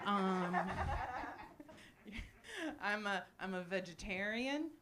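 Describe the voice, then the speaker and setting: Woman comic in her forties, live club set, deadpan self-mocking delivery, noisy room. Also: mid-range voice, extremely slow. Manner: deadpan, self-deprecating, frequent ums and laughs. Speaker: stand-up comedian. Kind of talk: live stand-up set with crowd work. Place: small cafe stage with live audience. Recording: noisy live cafe recording.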